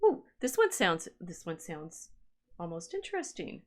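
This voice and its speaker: A woman's voice: lowish voice, huge pitch swings, unhurried. Woman, livestream co-host; casual, musing delivery, stops and restarts as she reads old records. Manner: reads genealogy records aloud, musing and self-interrupting.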